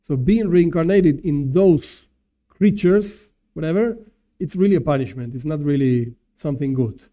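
Man with a very dark tone, lecturing. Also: a little high, moderate pace. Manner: thinks aloud, rephrases and translates terms as he goes. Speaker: religious teacher. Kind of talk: informal lecture on Jewish teachings.

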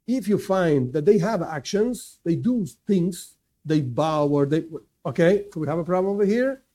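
A man's voice: fairly high pitch, dark tone. A man giving an informal religious lecture, emphatic and conversational, repeating his key points and answering imagined objections. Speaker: teacher giving a class.

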